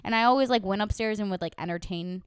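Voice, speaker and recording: A woman's voice: medium pitch, quick pace, clear, resonant tone, no room sound. A young woman co-hosting a podcast in casual chat, talking freely, swearing and acting out quotes. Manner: chatty, swears, acts out quotes. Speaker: podcast co-host.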